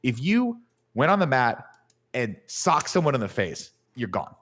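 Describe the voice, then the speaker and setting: A man co-hosting a podcast, retelling a movie plot in an animated, profane, casual way. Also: medium pitch, measured pace. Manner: animated, profane storytelling with acted-out quotes. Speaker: podcast co-host. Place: studio.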